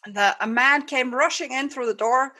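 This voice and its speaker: A woman's voice: sits high, moderate pace, sharp tone. A woman, a vet guest on a podcast, telling a joke in a hesitant, filler-heavy way. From Iceland. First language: Icelandic. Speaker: guest, vet and animal behaviourist.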